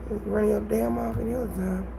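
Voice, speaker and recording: A woman hosting her own livestream, telling a personal story in an animated way and talking straight to her viewers. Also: medium pitch, brisk, vocal fry, background noise. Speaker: livestream host. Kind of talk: casual livestream venting.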